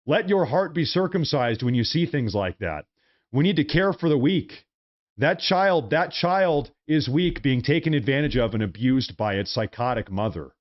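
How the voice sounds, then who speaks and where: A man's voice: mid-range voice, expressive, normal speed, lo-fi sound. An American man hosting a political livestream, ranting in a fiery, emphatic way and often repeating his phrases. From United States. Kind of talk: heated live commentary rant.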